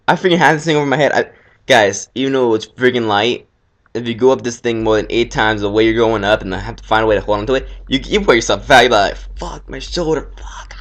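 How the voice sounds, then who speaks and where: A teenage boy from Sacramento rambling casually to the camera, jokey and animated, squealing when he acts out what others said. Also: medium pitch. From Sacramento, California. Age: teens. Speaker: vlogger.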